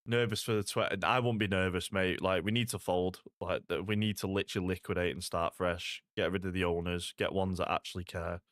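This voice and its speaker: A man's voice: low voice, fairly even intonation, brisk, hardly any pauses, fairly bright tone, no room sound, studio quality. A young man, chatting casually to viewers while playing a game, laid-back and full of "like" and "mate". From Salford, England. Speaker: streamer. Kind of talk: casual gaming stream chat.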